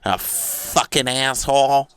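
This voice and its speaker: A man's voice: mid-range voice, slow, clear, resonant tone, voice pushed up, lightly acted. A man voicing a scornful, foul-mouthed online hater who mocks him. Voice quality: crude, swearing.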